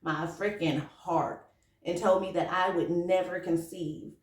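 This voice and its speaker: A woman in her thirties telling a personal story to camera in a chatty, animated, slangy way that turns emotional. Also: fairly low pitch, measured pace, recorded from a distance. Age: 30s. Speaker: vlogger. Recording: roomy echo, from off the mic.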